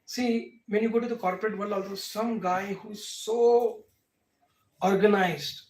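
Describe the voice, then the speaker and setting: A man's voice: high voice, steady tone, measured pace. A man with an Indian accent teaching a devotional class, answering questions emphatically with rhetorical questions. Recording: echoey room, mic far off.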